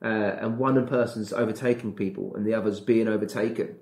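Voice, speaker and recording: A man, a running coach and podcast guest, explaining ideas in casual chat with an animated manner and acted-out asides. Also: on the low side, brisk, vocal fry, reverberant. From Britain. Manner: animated, acts out his inner dialogue.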